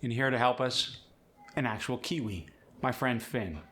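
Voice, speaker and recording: Bright, explanatory male accent coach. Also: mid-range voice, moderate pace. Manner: clear, explanatory. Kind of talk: instructional tutorial.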